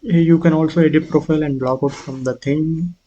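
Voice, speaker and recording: A man's voice: on the high side, fairly even intonation, a little fast, warm tone, highs cut off, a little hiss or hum. A man casually walking through his own app prototype, hesitant, with frequent fillers and restarts. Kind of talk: casual screen walkthrough.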